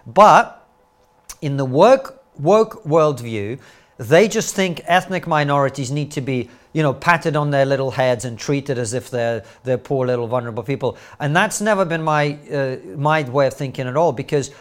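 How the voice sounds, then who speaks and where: A middle-aged man, a comedian and commentator talking as a podcast guest, an animated storyteller full of quick asides and rhetorical questions. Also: mid-range voice. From Soviet Union, raised later in Britain. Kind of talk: podcast interview.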